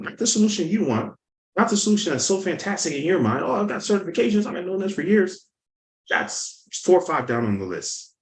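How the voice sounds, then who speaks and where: A man giving an energetic sales lesson, telling stories and acting out the people in them. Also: mid-range voice, reverberant, rough recording. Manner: energetic, storytelling, acts out quotes. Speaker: sales coach. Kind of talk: motivational teaching talk.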